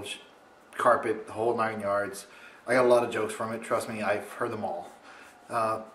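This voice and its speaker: Young man, vlogger, rambling storytelling, echoey room, faint background hum. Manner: rambling, animated, mimics others in high voice. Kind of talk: casual storytelling to camera. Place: home, indoors.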